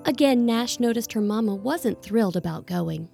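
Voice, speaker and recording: A woman narrates a storybook audio drama with a slightly high, gravelly voice. Soft music plays faintly behind her. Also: expressive, normal speed.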